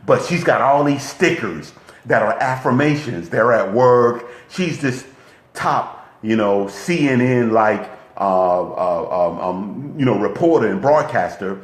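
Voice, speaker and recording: A man's voice: mid-range voice, unhurried, roomy sound. A man giving a motivational coaching talk, who keeps checking in with his listeners. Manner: lively, repetitive, checks in with "okay?". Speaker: relationship coach.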